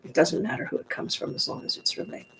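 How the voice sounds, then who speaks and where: A woman from the New York Pocono area with a gruff voice, rambling frankly in a casual monologue to the camera. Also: quick pace, a bit bright, a little hiss or hum, poor audio. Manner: chatty, digressive, frank. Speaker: vlogger.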